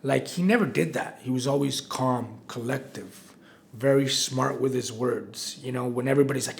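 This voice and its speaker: A man's voice: medium pitch, moderate pace, gravelly. A man in his forties, a restaurant operations director, telling stories in a casual interview, rambling and restarting with frequent "right?" tags. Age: 40s.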